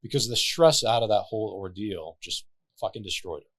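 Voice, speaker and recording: Guesting on a podcast, a very deep-voiced man from Lebanon recounts stories with loose, animated energy and offhand swearing. He speaks fairly quickly, captured close and dry without echo or room ambience.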